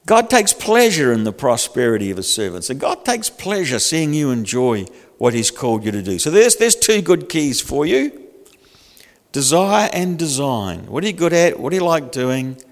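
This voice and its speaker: An older man preaching a sermon in a lively, humorous, conversational way. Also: on the high side, normal speed, long reverb tail. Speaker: pastor.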